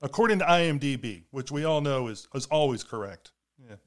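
A man's voice: mid-range voice, lively intonation, brisk. Enthusiastic male podcast host. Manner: friendly fan enthusiasm, repeats words when starting. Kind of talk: casual interview conversation.

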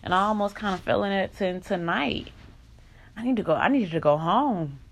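A woman's voice: mid-range voice, moderate pace. A young woman in an emotional vlog rant, venting in raw, profane country slang.

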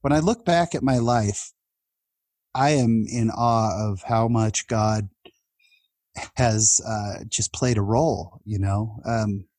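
A man's voice: fairly low pitch, takes it slowly, a little mellow, no room sound. A man in his fifties, a podcast guest, tells personal stories in a heartfelt, chatty way with laughs and restarts. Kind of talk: personal storytelling in an interview.

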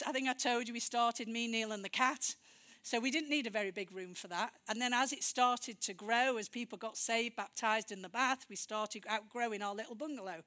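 A woman preaching a testimony sermon, telling stories lively, acting out dialogue and laughing often. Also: a little high.

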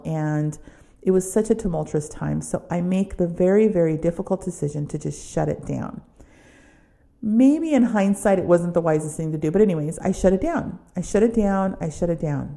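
A middle-aged woman from Southern California hosting a podcast, telling a personal story in an animated, chatty way and saying "like" a lot. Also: low-pitched, vocal fry. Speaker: podcast host.

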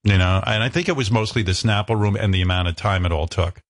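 Profane, exasperated male radio host. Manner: profane, exasperated, self-mocking; acts out quoted people with quick pitch jumps. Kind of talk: casual storytelling chat.

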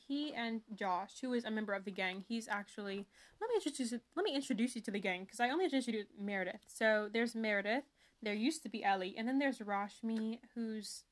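A young woman hosting a podcast, talking casually about a book in a chatty, rambling way, full of asides and fillers. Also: medium pitch. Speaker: podcast host. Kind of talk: casual book review chat.

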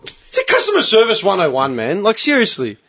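A young man, a podcast host telling animated stories in casual chat, swearing often and acting out other people's lines. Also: high-pitched, brisk. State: tired from early work.

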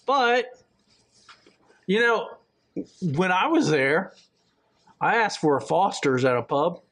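A man's voice: sits high, lively intonation, slow, fairly bright tone. A man co-hosting a racing podcast in casual, joking chat. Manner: joking, laughs often. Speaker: podcast co-host.

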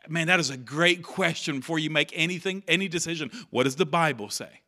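Man, pastor, sermon in church, high voice, conversational, repeats phrases. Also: fairly quick, few pauses, sharp tone. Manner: conversational preaching with repeated phrases and acted quotes.

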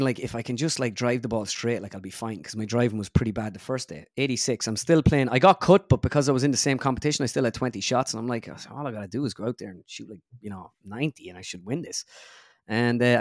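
A man's voice: mid-range voice, quick pace, no room sound, clean studio sound. A young Irish man, a guest comedian, telling a rambling golf story in casual chat, full of fillers. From Ireland.

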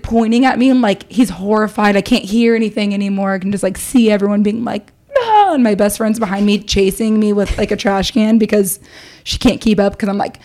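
A woman's voice: mid-range voice, a little mellow. A young woman co-hosting a podcast, telling a story in breezy casual chat full of "like". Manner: breezy storytelling, heavy use of like. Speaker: podcast co-host.

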